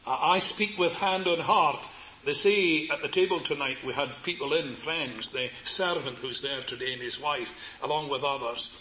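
An older man preaching a sermon, tender and earnest, repeating his phrases and moving between soft words and raised ones. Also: a little high, normal speed. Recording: muffled lo-fi sermon recording with faint hiss.

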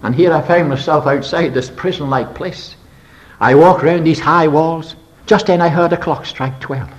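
In a poorly recorded sermon, an older man preaches through a story with real drama, lurching from loud outbursts to quiet, low stretches. His pace is moderate.

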